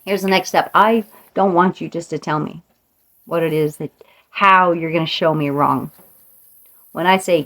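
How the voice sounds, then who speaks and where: A woman's voice: on the low side, moderate pace, pauses often, fairly bright tone. A middle-aged woman hosting a motivational talk, playful, laughing often and slipping into quoted voices. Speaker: podcast host. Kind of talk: motivational monologue.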